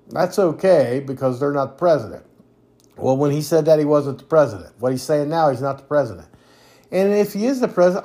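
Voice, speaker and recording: A man's voice: medium pitch, darkish tone. Blunt, foul-mouthed man ranting. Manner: blunt, heavy swearing, repeats himself. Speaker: podcast host. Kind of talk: profane political rant.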